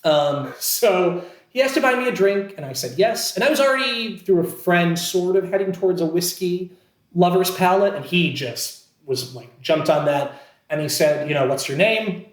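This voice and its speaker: A man with a high voice and lively intonation tells a story at a moderate pace while guesting on a podcast. An actor from Scranton, Pennsylvania, USA, he's chatty and self-deprecating with many fillers and restarts. The recording sounds roomy and echoey.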